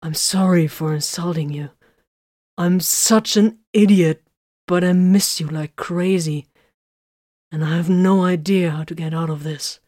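A woman reading a story, voicing a remorseful wounded male soldier who pleads in halting, apologetic words. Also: fairly low pitch, steady tone, warm tone, dry recording, studio quality. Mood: pleading.

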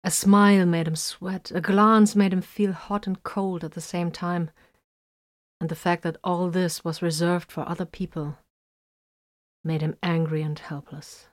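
A woman narrates a military adventure with emphatic bursts and sudden drops to hushed tones. Her voice sits on the lower side for a woman. The recording is dry and close, with no room sound. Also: flat delivery, unhurried, no room sound. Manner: dramatic swings between loud emphasis and hushed lines. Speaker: audiobook narrator. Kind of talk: scripted narration of military science fiction.

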